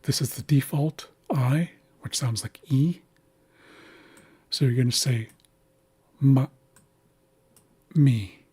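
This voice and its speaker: A man guides learners through a pronunciation lesson at a deliberately slow pace, repeating each word with care. His voice is heavily breathy and husky, with a mellow, relaxed warmth. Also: medium pitch. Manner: patient, deliberate, models words slowly and repeats them. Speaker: language teacher. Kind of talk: slow instructional walkthrough.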